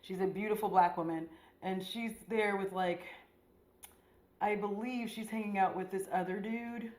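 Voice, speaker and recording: A woman's voice: mid-range voice, steady tone, moderate pace, a little mellow, roomy sound, low-quality recording. A woman beauty vlogger chatting casually while doing her makeup, rambling in a slangy, profane way with lots of "like.".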